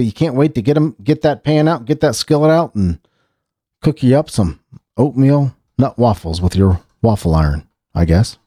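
A middle-aged American man hosts a casual podcast chat in a medium-pitched, darkish voice, recorded with studio quality and no room sound. He rambles, interrupts himself, restarts sentences, and chuckles now and then.

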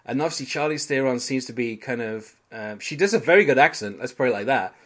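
A man's voice: mid-range voice, expressive, quick pace. A man with a British accent hosting a podcast, talking through a sitcom episode in a rambling, analytical way with fillers. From Britain. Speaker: podcast host. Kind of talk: casual chat.

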